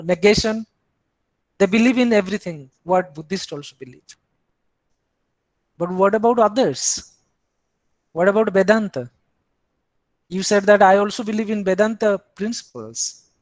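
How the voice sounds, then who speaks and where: In a dry recording, a high-voiced man with an Indian English accent lectures on philosophy academically. He poses rhetorical questions and voices the tradition he's explaining in the first person.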